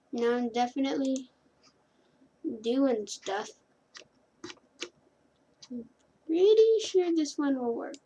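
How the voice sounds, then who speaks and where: Her voice high-pitched and mellow, the gameplay commentator chats casually through a computer game, rambling and self-correcting. The audio is poor, with keyboard clicks and clear background noise.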